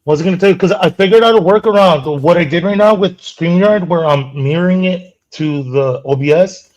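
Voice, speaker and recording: A man's voice: high voice, a little fast, a little mellow, rough recording. A man co-hosting a livestream in casual chat, eagerly explaining his setup. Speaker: stream co-host.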